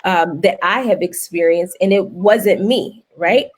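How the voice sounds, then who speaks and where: Animated woman host telling stories. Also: fairly low pitch, measured pace. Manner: animated storyteller, laughs often, folksy phrasing. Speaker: guest host. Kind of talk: casual panel talk.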